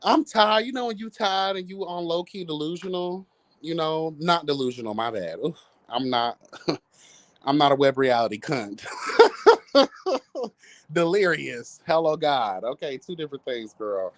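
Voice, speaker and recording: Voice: mid-range voice, moderate pace. A livestream host talking casually at home, sassy and chatty, calling listeners girl and honey. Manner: breaks into bits of song and laughs. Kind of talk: casual gossip commentary. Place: home, with cats.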